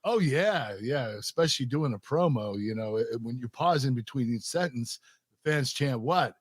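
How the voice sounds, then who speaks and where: A relaxed former wrestler chats on a podcast and laughs easily. His voice is mid-pitched and close on a dry studio mic. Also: normal speed, no room sound. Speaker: former wrestler and show host. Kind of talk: casual interview.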